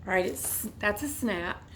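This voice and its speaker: Hoarse chatty woman with a froggy voice. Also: fairly high pitch, a little mellow, a little hiss or hum, low-quality recording. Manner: rambling, chatty, goes off on tangents. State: hoarse, congested, coughing. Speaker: vlogger unboxing a bag. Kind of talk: casual unboxing chat. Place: at home indoors.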